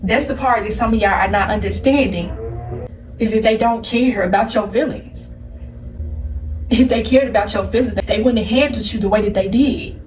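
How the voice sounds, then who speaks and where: Faint music plays behind a woman's medium-pitched, slightly mellow voice as she tearfully gives viewers blunt spiritual advice at a moderate pace. Her direct-to-camera talk is preachy and repetitive, captured roomy and distant.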